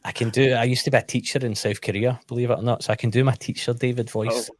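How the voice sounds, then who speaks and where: A man's voice: medium pitch, flat delivery, fast talker. A man chatting as a guest in a casual roundtable, candid and self-deprecating in his stories. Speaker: guest co-host.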